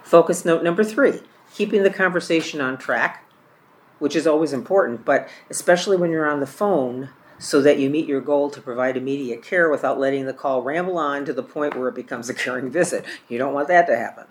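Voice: mid-range voice, brisk, a little hiss or hum. Trainer teaching caregivers from a book. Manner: reads examples aloud, repeats and corrects own words.

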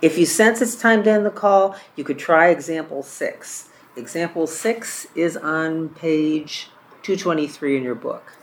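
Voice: mid-range voice, a little slow, slight background noise. Trainer teaching caregivers from a book. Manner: reads examples aloud, repeats and corrects own words.

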